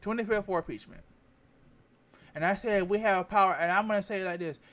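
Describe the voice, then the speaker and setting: A man's voice: high voice, fairly quick, fairly bright tone. A man giving candid political commentary to camera, rambling, repeating phrases and stopping to check his facts. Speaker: vlogger.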